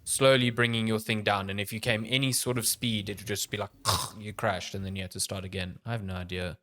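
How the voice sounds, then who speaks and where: A man's voice: fairly low pitch, flat delivery, fairly quick, sharp tone. A man of thirty co-hosting a gaming podcast, rambling in casual chat, trailing off mid-thought and swearing offhandedly. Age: 30s. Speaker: podcast co-host.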